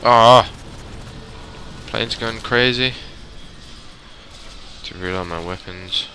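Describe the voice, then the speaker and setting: A man giving excitable gaming commentary, swearing and yelling his reactions as he plays. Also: lowish voice, slow pace, slight background noise. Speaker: let's play host.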